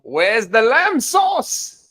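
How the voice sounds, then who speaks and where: A man doing a mocking impression of a hot-tempered celebrity chef, drawing out each shouted line. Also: very high voice, wildly swooping pitch, extremely slow, voice pushed up, heavily acted. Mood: mock outrage.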